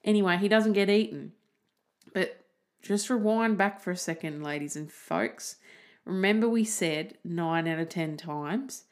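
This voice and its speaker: A woman's voice: on the low side, unhurried. An Australian woman hosting a podcast, telling a story in a chatty, jokey way and laughing at her own asides. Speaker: podcast host.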